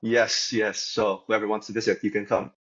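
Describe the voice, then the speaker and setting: A young man chats as a podcast guest in a relaxed, upbeat way, laughing easily. His voice sits fairly low. The recording sounds dull and lo-fi. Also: normal speed, breathy edge. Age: young adult. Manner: easygoing, chatty and upbeat, laughing often. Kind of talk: casual podcast chat.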